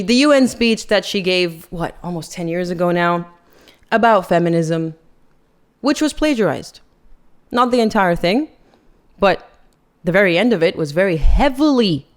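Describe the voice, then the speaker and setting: A woman's voice: lowish voice, clean tone. A woman hosting a podcast, giving chatty, sarcastic and critical commentary. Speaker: podcast host. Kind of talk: casual opinion commentary.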